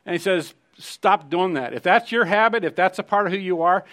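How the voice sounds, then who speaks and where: A man's voice: high-pitched, fast, pushed and bright. A middle-aged man preaching a sermon, conversational and emphatic, telling personal stories. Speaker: pastor.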